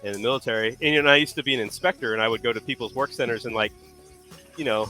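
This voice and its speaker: A man co-hosting a live painting stream, telling stories in a loud, animated way and laughing often. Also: medium pitch, racing, faint music behind. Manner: animated storyteller, acts out yelling, laughs a lot. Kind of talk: casual chat, telling stories.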